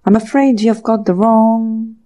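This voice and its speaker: An irritable young male author, read by a woman in an audiobook mutters to himself in brisk, exasperated bursts. The voice stays close to the reader's own, warm and mellow in tone, and only lightly shaded for the character. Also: on the high side, steady tone, pitched above the performer's own voice, close to an everyday voice. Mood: bewildered, exasperated.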